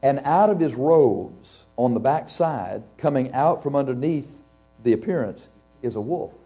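A man's voice: mid-range voice, expressive, unhurried, mellow, soft background music. A male pastor preaching to a live congregation in a conversational, anecdotal way, chuckling often and asking the audience questions. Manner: speaks straight to the audience, asks questions.

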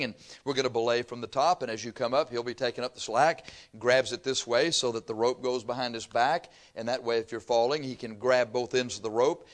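An older man from Texas, preaching a sermon through folksy, humorous stories. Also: medium pitch. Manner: folksy storytelling with laughter.

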